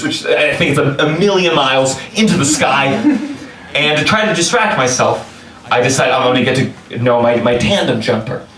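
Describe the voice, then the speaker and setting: A male comedian telling a story on stage, animated and exaggerated, sometimes shouting. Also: fairly high pitch. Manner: animated, exaggerated quoted voices, bursts of shouting. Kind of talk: stand-up storytelling. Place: club stage with a laughing audience. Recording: echoey room, mic from a distance, crowd laughter.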